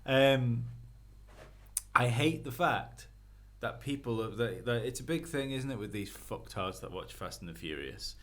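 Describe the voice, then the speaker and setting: A man of middling pitch co-hosting a casual podcast. He talks bluntly and swears freely. He laughs often between remarks. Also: animated, a little slow, a bit bright. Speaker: podcast co-host, quiz setter.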